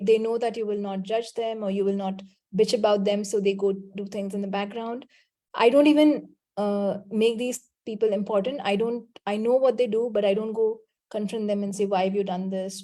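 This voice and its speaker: Female coach on a video call, talks straight and scolding, mellow voice pitched a bit high. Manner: blunt, direct, scolding. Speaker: healing coach and call facilitator.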